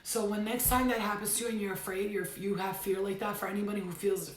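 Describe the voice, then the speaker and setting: A woman's voice: mid-range voice, flat delivery, quick pace, echoey room. A woman giving a casual spiritual reading at home, talking bluntly and emphatically and swearing now and then. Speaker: tarot reader. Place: bedroom at home.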